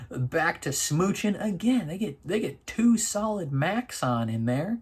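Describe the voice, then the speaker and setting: A man's voice: fairly high pitch, very animated, unhurried, husky. A man hosting a reaction video, chatting casually in a rambling way, laughing often and restarting his sentences with lots of fillers.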